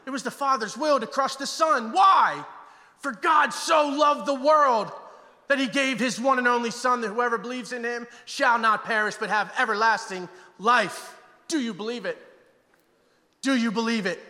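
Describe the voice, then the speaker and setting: A man preaching a passionate guest sermon, swinging between loud exclamations and hushed, intense passages. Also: very high-pitched, big-room sound.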